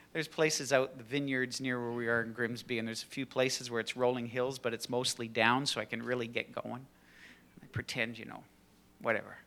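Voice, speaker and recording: A middle-aged man preaching a conversational sermon in a personal, relaxed way. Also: mid-range voice. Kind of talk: sermon with story reading.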